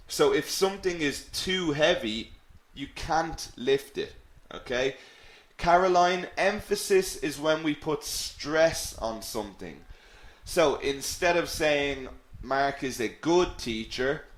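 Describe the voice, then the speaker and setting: A man's voice: on the high side, lively intonation, takes it slowly, a bit bright. A male English teacher giving a live online lesson, explaining patiently, often checking in with "okay?" and reading out viewers' names. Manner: reads out viewers' names and questions. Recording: roomy echo.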